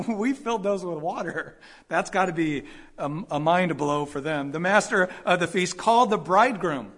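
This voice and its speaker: High-voiced animated male preacher. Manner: animated, acts out quoted voices, laughs often. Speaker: pastor. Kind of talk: sermon.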